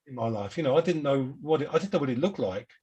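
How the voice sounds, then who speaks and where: An older man with a London Cockney accent, his voice slightly husky and sitting at a middle pitch. He rambles through his memories in a self-deprecating way. He speaks over a video call. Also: lively intonation, fast, dark tone, highs cut off. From London, England. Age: 70s. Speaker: guest musician. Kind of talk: reflective interview chat.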